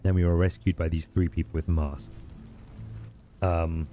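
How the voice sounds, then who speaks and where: A man's voice: low-pitched, level tone, a little slow, dark tone, soft background music. A man hosting a let's play, chatting casually with self-deprecating asides while reading game text. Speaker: gaming video host.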